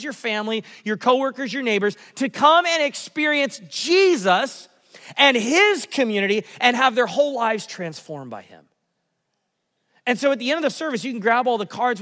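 Guy pastor preaching, high voice, big echoey church hall, goes from hushed to loud. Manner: storytelling, swings from soft and hushed to loud and excited. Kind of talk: sermon. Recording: long reverb of a church hall.

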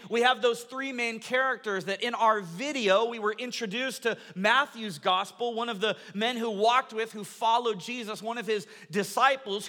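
Bright-voiced pastor preaching in a reverberant hall. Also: male voice, extremely high pitch. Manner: animated storytelling, addressing a congregation. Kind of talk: sermon. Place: large church auditorium with a congregation. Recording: long reverb of a large hall.

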